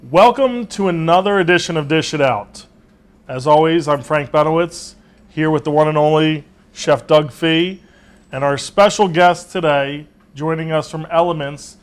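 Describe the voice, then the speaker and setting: A man's voice: a little high, normal speed. Joking man hosting a cooking show. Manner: jokey, teasing banter. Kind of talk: casual studio chat.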